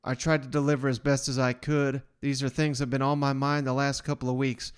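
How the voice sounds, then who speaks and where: A man's voice: medium pitch, little pitch movement, brisk, clean tone. A man hosting his own sports podcast, talking in a chatty, loose, off-the-cuff way. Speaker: podcast host. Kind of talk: casual podcast intro.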